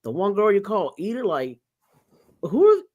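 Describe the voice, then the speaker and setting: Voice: mid-range voice, wildly swooping pitch, moderate pace, darkish tone, lo-fi sound. A podcast co-host musing and rambling casually, with hesitant restarts. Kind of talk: casual chat.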